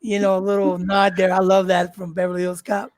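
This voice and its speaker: A co-host of a live drawing stream chatting casually, halting and searching for words with many fillers. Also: medium pitch, monotone, darkish tone. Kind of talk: casual livestream chat.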